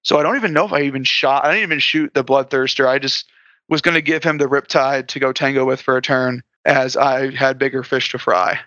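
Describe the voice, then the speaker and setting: Bright, dry-sounding man recounting a game. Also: medium pitch, steady tone, fairly quick, dry recording, muffled recording. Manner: recounting with restarts, light laughter. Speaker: guest player. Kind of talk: casual podcast chat.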